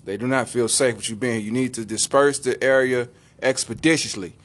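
A man's voice: mid-range voice, fairly even intonation, fairly quick, natural voice. A man voicing a pompous, officious mall security guard who talks in stiff, formal phrases.

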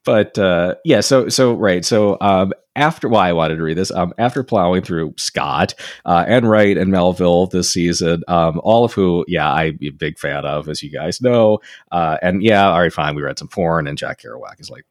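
A man's voice: sits low, normal speed, hardly any pauses, no echo, studio quality. A man co-hosting a podcast, talking casually about books with many fillers and restarts and frequent laughs. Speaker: podcast co-host. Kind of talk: casual literary discussion.

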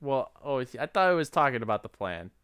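A man's voice: medium pitch, big pitch swings, brisk, fairly bright tone, clean tone, no room sound, studio quality. A man co-hosting a casual film recap chat, laughing often and swearing as he jokes. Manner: laughs often, profane, jokey. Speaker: podcast co-host.

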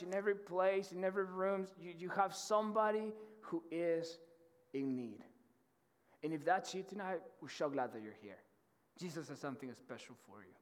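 High-voiced pastor in a reverberant hall. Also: male voice. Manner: conversational and slangy, with many restarts and repeated "right?". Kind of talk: casual sermon to college students. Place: church auditorium. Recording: long reverb of a large hall.

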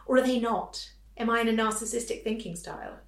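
Teasing, quick-witted woman in her thirties, podcast co-host; roomy sound, slightly off-mic. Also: fairly high pitch, fairly even intonation, far from the mic. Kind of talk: casual chat.

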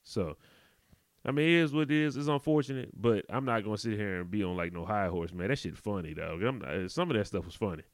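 A man's voice: fairly low pitch, expressive, fairly quick, no room sound, studio quality. A man co-hosting a podcast, chatting casually and laid-back, often checking in with his partner. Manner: laid-back, conversational, often asks "you know what I'm talking about". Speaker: podcast co-host.

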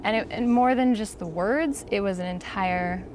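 A woman's voice: medium pitch, normal speed, a little mellow, slight background noise. A young woman from Utah, a podcast guest telling a personal story in an earnest, emotional way with lots of casual fillers. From Utah, USA. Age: young adult.

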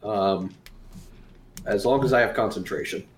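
Guy playing d&d, talks slow and lively, echoey room with a faint hum. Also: on the low side. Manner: slow, laughing, animated. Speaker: player. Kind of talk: casual tabletop play.

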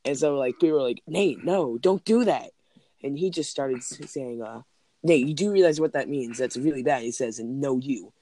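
A man's voice: medium pitch, normal speed, mellow, no echo. A man in casual chat, rambling through school stories with lots of "like" and "um". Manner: rambling, heavy use of "like" and "um".

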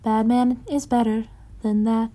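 Brief: woman reader doing a fierce young heroine, clipped short phrases, pitched a bit high, storybook reading. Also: little pitch movement, measured pace, warm tone. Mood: terse, fierce.

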